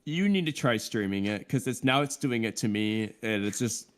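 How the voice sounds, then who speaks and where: A man's voice: on the low side, expressive, normal speed. A man co-hosting a reaction stream over a voice call, chatty and curious, laughing often. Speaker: podcast co-host. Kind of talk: casual reaction stream chat. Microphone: remote call mic.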